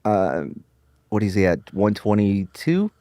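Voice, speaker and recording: A man co-hosting a casual podcast, excitable and joking, often laughing. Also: lowish voice, measured pace, no echo. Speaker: co-host.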